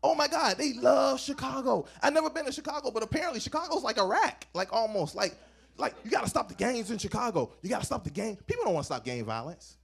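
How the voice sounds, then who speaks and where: A man in his thirties doing a stand-up comedy set on a club stage, animated and acting out bits with big swings in pitch. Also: fast talker, creaky, slightly rough.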